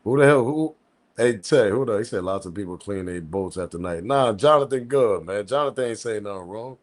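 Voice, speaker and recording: A man's voice: on the low side, expressive, brisk. A man from the US East Coast with his accent, hosting a casual live-stream commentary with slangy, loose talk and chuckling asides to his chat. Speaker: commentary channel host.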